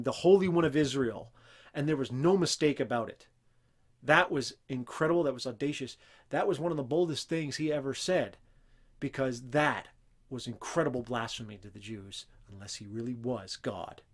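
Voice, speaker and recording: On his Christian teaching show, a man speaks at medium pitch and normal speed. His unscripted delivery is earnest and emphatic, and he breaks into a raised voice when he quotes scripture.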